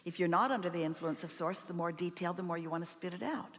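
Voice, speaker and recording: A woman's voice: fairly low pitch, quick pace. A woman giving an inspirational talk to a seminar audience, speaking as a collective "we" in an emphatic, rhetorical way. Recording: hall reverb, live event.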